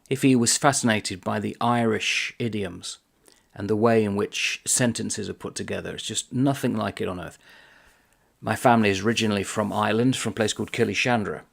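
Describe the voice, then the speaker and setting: A man's voice: fairly low pitch, vocal fry. A man chatting casually about a book he is reviewing, reading passages aloud in a conversational manner.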